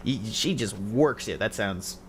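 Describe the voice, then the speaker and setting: A man narrating as game master of a tabletop game, rambling with quick asides. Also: on the low side, lively intonation, slight background noise.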